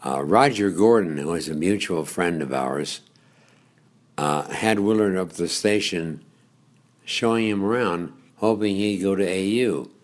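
An older man, a longtime radio host, telling stories in an interview, rambling with chuckles and pauses. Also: sits low. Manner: rambling storyteller with frequent uh's and chuckles. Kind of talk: reminiscing interview.

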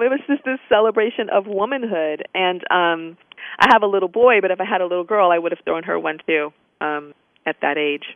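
A woman's voice: mid-range voice, no room sound. Woman telling stories over a tinny phone line. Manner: animated storyteller, acts out quoted voices. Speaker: interview guest. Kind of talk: casual interview storytelling.

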